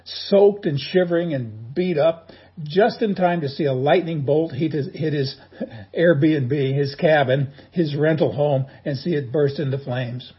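A male pastor delivers a sermon in a folksy, joking storytelling way. His voice sits a little high and is deeply husky and rough. The recording sounds dull and lo-fi. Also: measured pace.

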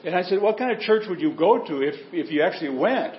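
A man's voice: high voice, lively intonation, quick pace, reverberant, dull audio. A male pastor preaching a sermon in a church, telling stories in a conversational, humorous way.

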